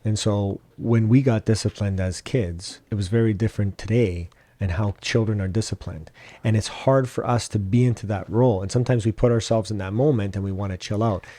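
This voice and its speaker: A man co-hosting a casual podcast chat, giving calm advice and repeating his points for emphasis. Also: on the low side, a little fast, no room sound. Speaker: podcast co-host, doctor.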